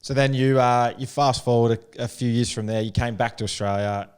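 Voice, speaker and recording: A man's voice: mid-range voice, steady tone, a little fast, clean tone. A man co-hosting a podcast, asking questions in an easygoing, chatty way. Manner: easygoing, laughs along. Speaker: podcast co-host. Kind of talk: casual interview.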